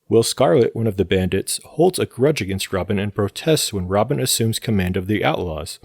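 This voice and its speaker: A man co-hosting a film podcast, first reading a plot summary in a steady, measured way, then chatting casually. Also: on the low side, vocal fry, dry recording, studio quality. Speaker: podcast co-host.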